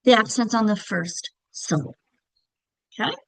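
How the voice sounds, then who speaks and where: A woman's voice: medium pitch, lively intonation, normal speed, no room sound, rough recording. A woman teaching reading instruction to teachers, patient and checking in often with "okay?" and "right?". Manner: demonstrates words by whispering, clapping and calling out. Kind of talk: teacher training lesson.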